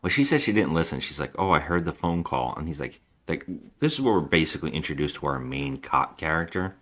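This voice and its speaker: Low-voiced man acting out film scenes. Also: a little fast. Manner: animated, acts out character lines. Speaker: podcast co-host. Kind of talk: casual chat about a film.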